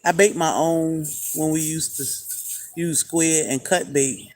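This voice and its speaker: Slow-talking woman chatting live. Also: low-pitched, fairly even intonation, a little mellow, slight background noise, poor audio. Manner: chatty, laughing, answers viewer comments. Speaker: homesteader hosting a livestream. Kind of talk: casual live chat.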